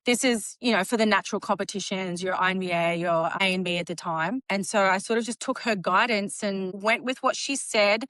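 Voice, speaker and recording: An animated woman in her late thirties or older, telling her story on a podcast. Her voice sits a little high, and she acts out what people said to her with quick laughs. The sound is close and dry, with no room around it. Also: smooth, no echo. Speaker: guest, bodybuilding champion.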